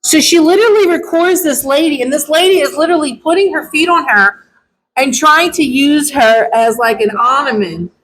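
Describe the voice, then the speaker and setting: Woman dog groomer, high voice, blunt and opinionated in casual chat. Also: normal speed, a bit bright, low-quality recording.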